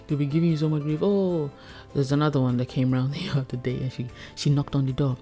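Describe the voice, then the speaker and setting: A woman's voice: sits low, steady tone, a little fast, warm tone, faint music behind. A woman chef coaching food business owners in a chatty, casual way, laughing often and acting out her customers. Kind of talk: casual teaching talk.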